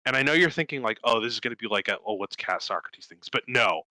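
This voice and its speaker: A young podcast co-host tells a story with lots of swearing and quick character voices. His tone is bright and forceful, and the recording is dry and close. He talks casually and animatedly. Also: mid-range voice, lively intonation, no room sound, poor audio. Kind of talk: casual chat.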